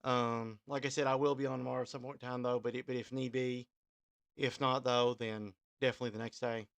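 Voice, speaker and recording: A man's voice: mid-range voice, level tone, a little fast, creaky, a bit bright, no room sound. A man from Kentucky, hosting an online radio show and signing off in a rambling, casual way. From Kentucky, USA. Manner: rambling, full of ums and restarts. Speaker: radio host and DJ. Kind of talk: casual live-stream sign-off.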